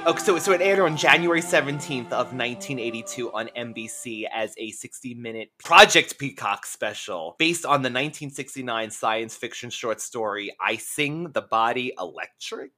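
A man's voice: medium pitch, moderate pace, few pauses, sharp tone, faint music behind. A man in casual chat, chiming in with questions and facts.

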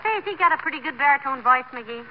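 A cheerful, sensible small-town wife, quick and gently teasing, her high voice lively. It is heard on a dull, hissy old radio comedy recording. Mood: brisk. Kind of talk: 1940s radio comedy acting.

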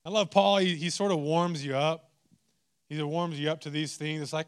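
Animated pastor preaching, high voice. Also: male voice, fairly quick, smooth. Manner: animated, humorous, rising to mock exasperation. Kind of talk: sermon.

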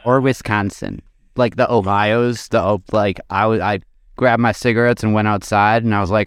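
A man's voice: fairly low pitch, fairly even intonation, normal speed, clear, resonant tone, dry recording. A man hosting a podcast, wisecracking and rambling in casual chat. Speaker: podcast host.

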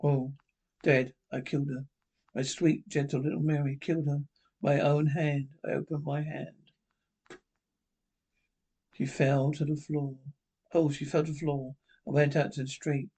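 A man's voice: on the high side, flat delivery, a little slow, pauses often, mellow, husky. A man playing a haunted, tormented lecturer who narrates his own descent into madness, in a 1930s radio drama. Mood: anguished. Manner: anguished, breathless, theatrical. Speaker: narrating protagonist.

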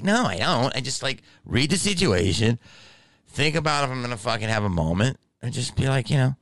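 A man's voice: mid-range voice, animated, brisk, a bit bright, no room sound. A middle-aged man hosting a podcast, telling a rambling, profane story in a casual monologue. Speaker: podcast host.

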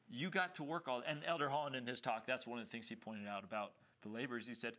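Bright-voiced man telling a lively teaching story. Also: medium pitch, fast talker, hardly any pauses, dull audio. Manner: animated storyteller who acts out dialogue. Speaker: podcast co-host and seminary teacher. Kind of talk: casual scripture discussion.

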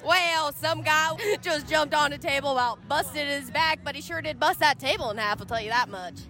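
A woman's voice: sits high, moderate pace, sharp tone. A woman co-hosting a podcast, chatting casually outdoors at a tailgate in a tipsy, drawling, giggly way. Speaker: podcast co-host. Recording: outdoor field recording with music. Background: music.

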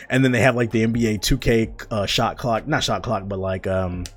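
A man's voice: on the low side, steady tone, normal speed, a bit bright. Profane rambling young man podcaster. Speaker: podcast host. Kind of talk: casual solo podcast rant.

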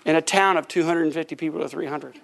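Animated high-voiced preacher man. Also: fast talker, gravelly. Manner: animated storytelling, acts out voices, laughs often. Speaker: pastor. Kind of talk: sermon.

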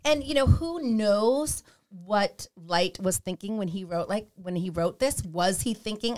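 This middle-aged co-host speaks at a medium pitch, a little slowly and with few pauses, her tone slightly mellow. In a casual hymn discussion, she earnestly explains the poetry, reading her notes aloud.

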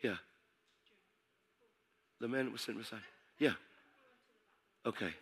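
A middle-aged man preaching a sermon, excitable and building in intensity as he goes. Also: medium pitch, takes it slowly, slightly rough.

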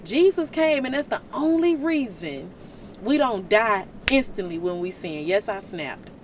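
A woman giving casual Bible teaching in an animated, slangy, joking way. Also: mid-range voice, a little slow, slight background noise. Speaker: Christian vlogger teaching the Bible.

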